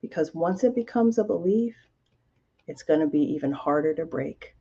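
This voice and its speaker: A woman hosting a self-help podcast as a life coach, speaking deliberately and emphatically and repeating key phrases. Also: sits low, lively intonation, dark tone, slightly rough, lo-fi sound. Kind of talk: motivational self-help talk.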